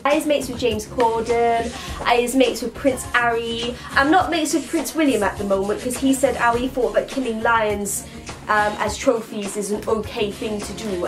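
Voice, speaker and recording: A woman's voice: a little high, fairly even intonation, normal speed, music in the background. A woman doing a rambling comic monologue full of slang, ending lines with 'mate' and 'yeah?'. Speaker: vlogger playing a comic persona.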